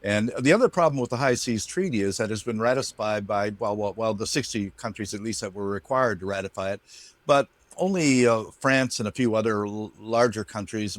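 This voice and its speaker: An older man giving interview answers in a plain-spoken way, with frequent pauses and fillers. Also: on the low side, no echo. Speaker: guest, marine conservation activist.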